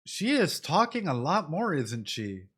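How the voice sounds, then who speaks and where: A man giving casual reaction commentary to an animated show on a live stream, talking straight to his chat and often repeating phrases. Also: a little high, unhurried, husky. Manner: chatty, repeats phrases, addresses chat directly; thinks in Spanish at times.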